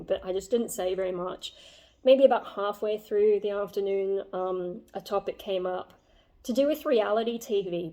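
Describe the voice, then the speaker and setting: A woman's voice: mid-range voice, mellow. A young woman telling a personal story to her vlog audience, rambling with many fillers and reflecting earnestly on herself. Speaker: vlogger.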